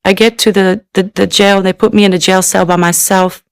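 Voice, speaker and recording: Woman, personal testimony, earnest, gravelly fry, dry close sound. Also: mid-range voice, little pitch movement, no room sound. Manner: earnest, emotional, slow in places. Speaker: testimony speaker.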